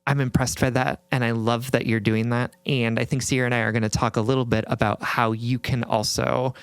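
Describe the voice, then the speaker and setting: Gentle, smooth-voiced man podcast co-host. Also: mid-range voice, little pitch movement, brisk, no echo. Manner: gentle, validating, many fillers and restarts. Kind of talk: casual chat.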